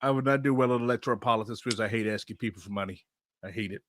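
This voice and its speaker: A man's voice: on the low side, rapid-fire, fairly bright tone, no echo, clean studio sound. A man hosting a podcast, chatting casually and teasing his guest with jokes. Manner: teasing, joking. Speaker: podcast host. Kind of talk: casual chat.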